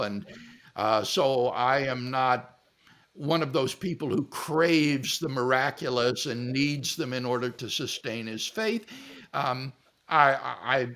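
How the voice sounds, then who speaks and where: An older man, a philosopher telling stories and answering questions in a relaxed, animated way. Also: mid-range voice. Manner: animated storyteller, acts out quotes.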